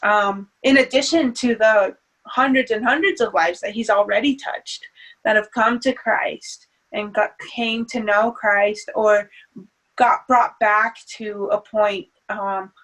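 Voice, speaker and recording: A woman's voice: mid-range voice, fairly even intonation, takes it slowly, a bit bright, rough recording. A woman speaking as a guest in an interview, earnest and hesitant, with many fillers and restarts. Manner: earnest, faith-centered talk. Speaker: guest, grieving mother. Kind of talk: emotional interview.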